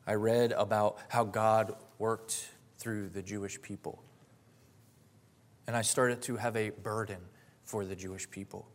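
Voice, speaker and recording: A man in his late twenties giving a personal testimony and sermon, earnest and heartfelt, rising to fervent emphasis. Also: lowish voice. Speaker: preacher.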